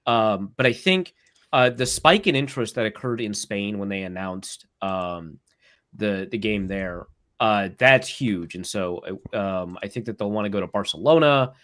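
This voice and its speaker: A man's voice: fairly low pitch, moderate pace. A man who writes about football, chatting casually on a podcast and telling a story with lots of acted-out dialogue. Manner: animated storyteller, acts out quoted dialogue.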